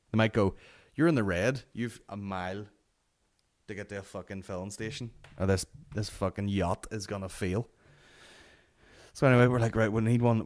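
A man's voice: sits low, darkish tone. A young Northern Irish man hosting a solo comedy podcast, telling a rambling, sweary anecdote. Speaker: podcast host.

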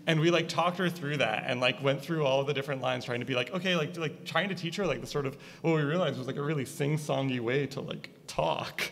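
A man from Connecticut with an East Coast accent, a filmmaker talking casually about his film, halting, with many fillers. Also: medium pitch, gravelly, a bit bright. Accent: East Coast American. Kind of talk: casual conversation at a screening. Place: art gallery. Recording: reverberant gallery space.

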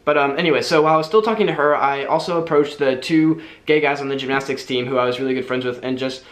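A young man telling a personal story to the camera, earnest and quick, with lots of "like" fillers. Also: mid-range voice, a bit bright, echoey room. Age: young adult. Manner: fast, earnest, filler-heavy with frequent "like". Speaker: vlogger.

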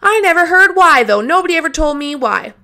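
A woman voicing a spirited young girl who questions eagerly and argues back in a high, insistent tone. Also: big pitch swings, a little fast, pushed and bright, heavily acted. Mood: curious.

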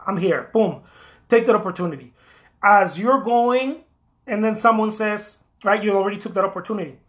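Male artist-coach, motivational to camera, punchy and repetitive, forceful bright tone. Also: high-pitched, normal speed. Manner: emphatic, repeats key phrases, acts out quoted voices. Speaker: artist giving career advice.

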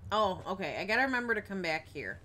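A young woman streams a horror game with live commentary, chatting with viewers and yelping at scares in a jumpy, chatty way. Her mid-range voice is expressive and fast, and there is noise in the background.

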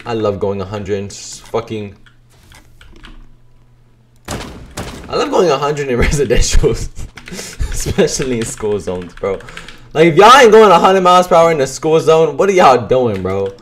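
A young man giving excitable, cursing gameplay commentary as a gaming YouTuber, breaking into shouts and laughter. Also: medium pitch, a little slow, long pauses, slight background noise.

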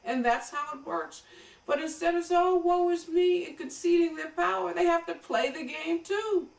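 A woman's voice: very high voice, moderate pace, gravelly. An American woman giving an emphatic political commentary monologue, lecturing and addressing her viewers directly. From United States. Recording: roomy echo, voice from a distance.

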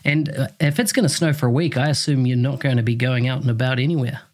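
A man's voice: medium pitch, steady tone, fast. A man with a New Zealand accent hosting a podcast in friendly, casual chat and laughing easily. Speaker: podcast host.

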